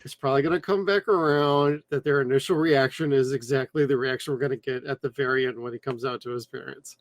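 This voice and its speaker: A man's voice: medium pitch, fairly even intonation, fast, no echo. A man co-hosting a podcast, chatting casually and enthusiastically, rambling a little as he reviews a cartoon series. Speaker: podcast co-host. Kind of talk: casual chat.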